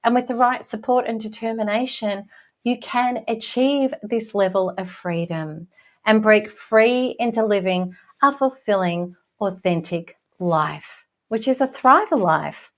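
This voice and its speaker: A woman's voice: medium pitch, a little slow. A middle-aged woman hosting a self-help channel, giving a scripted motivational talk in an earnest, reassuring and emphatic way.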